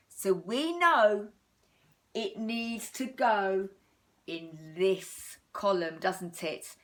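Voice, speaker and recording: An English woman teacher talks young children through a recorded phonics lesson. She speaks very slowly in a sing-song, encouraging way and draws words out. Her voice sits at an ordinary middle pitch. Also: lively intonation. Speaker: primary school teacher.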